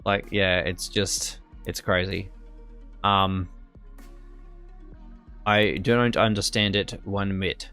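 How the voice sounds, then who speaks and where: A man's voice: deep voice, steady tone, slow pace, pauses often, pushed and bright, soft background music. A young Australian man telling a work story in a casual, rambling way, full of fillers and restarts and getting indignant. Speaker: streamer.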